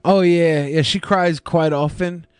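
A man's voice: fairly high pitch, steady tone, measured pace. A man in his thirties co-hosting a podcast, riffing crude jokes in casual chat. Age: 30s. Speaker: podcast co-host.

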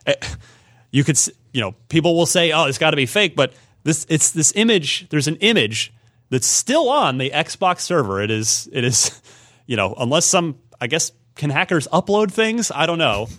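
A man hosts a relaxed gaming news podcast in an easy conversational way. He rambles a little, circles back on his points and fills gaps with "uh" and "you know." He sits close to the mic in a dry, dead room. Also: fairly high pitch, moderate pace, no room sound. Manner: rambling, thinks aloud with fillers. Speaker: podcast host. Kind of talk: casual gaming news chat.

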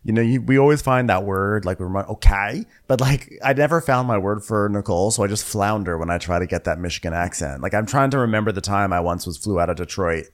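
A man co-hosting a podcast, chatting casually and laughing often between quick asides. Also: fairly low pitch. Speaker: podcast co-host. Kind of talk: casual chat recapping a reality show.

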